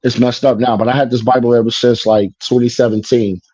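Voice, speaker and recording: A man's voice: mid-range voice, flat delivery, fairly quick, mellow, husky, no echo. A man from Chicago telling a personal story in a casual way, acting out the dialogue and saying "you know" a lot. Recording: slightly muffled dry recording.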